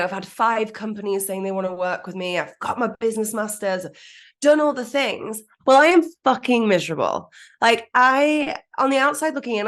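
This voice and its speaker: A woman, a business coach guest telling her own story frankly, swearing casually and laughing at herself. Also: on the low side. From Manchester, England. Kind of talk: candid personal storytelling.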